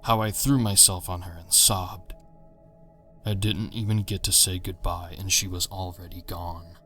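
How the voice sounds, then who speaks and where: A man narrating a horror story in a measured, tense manner. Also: low-pitched, flat delivery, bright, forceful tone, faint music behind.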